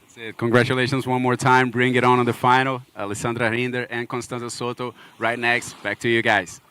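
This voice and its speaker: A man's voice: mid-range voice, little pitch movement, a little fast, bright, forceful tone, smooth. A man reporting live from a beach contest, interviewing an athlete in an encouraging, upbeat way.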